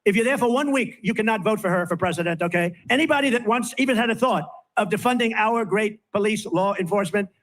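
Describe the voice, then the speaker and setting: Fast-talking older man at a rally. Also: sits high, a bit bright. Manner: rambling, repetitive, off-the-cuff asides. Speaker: political candidate at a rally. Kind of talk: campaign rally speech. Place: rally stage.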